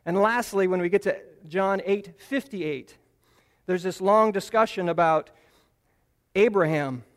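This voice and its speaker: A man's voice: high-pitched, measured pace, in a large hall. A man preaching a Bible teaching sermon, earnest and explanatory, leaning on key phrases for emphasis.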